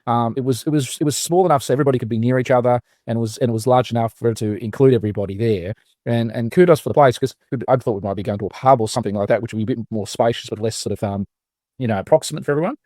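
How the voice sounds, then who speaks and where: A man's voice: medium pitch, racing, warm tone, no room sound, clean studio sound. A man co-hosting a podcast, chatting casually and rambling, with many restarts and fillers. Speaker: podcast co-host.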